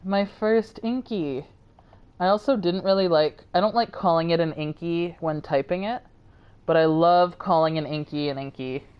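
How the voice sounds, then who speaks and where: A woman's voice: on the low side, clean tone, dull audio. A tired woman streamer chatting casually and rambling to her viewers while she plays a game. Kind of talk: casual live-stream chat.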